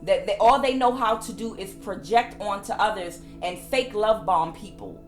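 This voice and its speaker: A woman's voice: medium pitch, moderate pace, faint music behind. A woman tarot reader giving a casual spiritual reading, repeating her phrases for emphasis.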